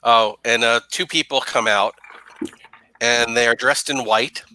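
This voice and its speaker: Bright-voiced man narrating a tabletop game. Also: mid-range voice, steady tone, unhurried, slight background noise, low-quality recording. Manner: hesitant, full of ums. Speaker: game master.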